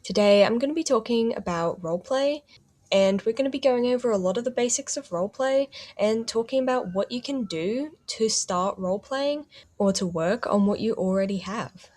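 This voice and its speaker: A woman's voice: on the high side, lively intonation, normal speed, darkish tone. A woman hosting a tutorial and explaining the basics of roleplay in a friendly, explanatory way. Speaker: host.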